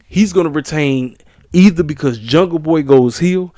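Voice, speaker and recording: A man's voice: fairly high pitch, normal speed, dark tone, no room sound, clean studio sound. A tired man yawning late at night, hosting wrestling predictions in an emphatic, slangy casual chat that repeats points for emphasis.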